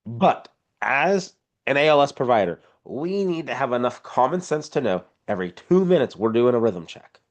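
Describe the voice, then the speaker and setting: A man's voice: mid-range voice, sing-song, moderate pace. A man teaching an online EMS class in a blunt, informal and emphatic way, heard over a video call. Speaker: EMS instructor. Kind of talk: casual online class lecture.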